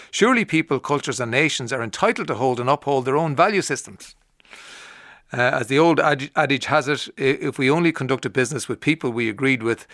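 A man's voice: medium pitch, fairly bright tone, no room sound, clean studio sound. An Irish man hosting a radio show, chatting casually and reading out listener messages with frequent "uh" fillers. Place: radio studio.

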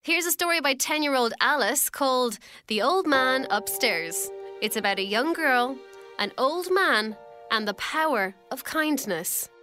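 An Irish woman presents a children's book show with a high, bright-pitched voice, talking playfully and directly to the young listeners. Soft music runs faintly underneath her. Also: lively intonation, measured pace. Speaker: radio show host. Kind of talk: upbeat scripted presenting.

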